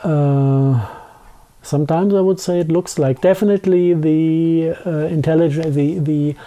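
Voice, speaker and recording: Man, German accent, very dark mellow tone; halting interview guest, frequent restarts. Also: a little high, steady tone. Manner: halting, with many restarts and fillers. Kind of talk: conversational interview.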